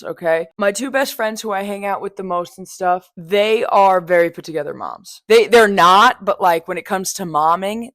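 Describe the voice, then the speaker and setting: A woman's voice: fairly low pitch, no echo, clean studio sound. A young woman hosting a podcast, talking in a casual personal monologue, blunt and frank, swearing freely with chatty asides. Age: young adult. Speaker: podcast host.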